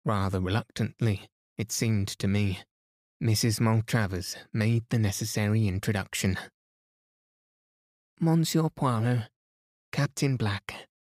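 A man narrating a classic detective story in a calm, steady bedtime reading meant to send listeners to sleep. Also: fairly low pitch, dry recording, studio quality. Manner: soothing, steady. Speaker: podcast narrator.

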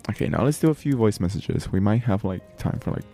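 A young man with a Californian accent hosting a podcast in casual chat, relaxed and full of "like". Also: lowish voice, fairly quick, faint music behind. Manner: relaxed, fills speech with "like". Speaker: podcast host.

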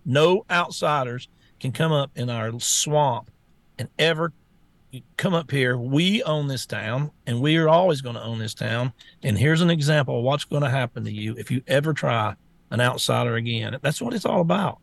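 A man's voice: mid-range voice, normal speed, creaky, no echo. A man co-hosting a political talk show, ranting bluntly and heatedly, repeating himself and laughing between jabs. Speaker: co-host.

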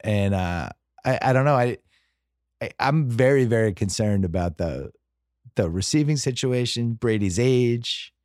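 A man's voice: mid-range voice, expressive, measured pace, a little mellow, no room sound, clean studio sound. A man hosting a podcast, chatting casually about football in a rambling, wry way that keeps restarting its sentences. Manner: rambling, self-interrupting, wry. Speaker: podcast host. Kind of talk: casual sports chat.

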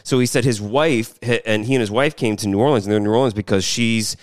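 A middle-aged man from South Louisiana co-hosting a podcast, telling rambling animated stories full of restarts and fillers. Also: on the low side, fast. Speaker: podcast co-host. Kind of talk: casual chat.

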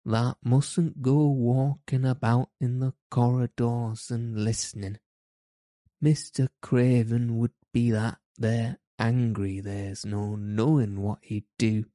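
A man's voice: mid-range voice, level tone, slow, dark tone, no room sound, clean studio sound, close to an everyday voice. A man doing a plain-spoken maid. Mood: worried. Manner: broad dialect, homely. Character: young Yorkshire maid, cheerful and plain-spoken.

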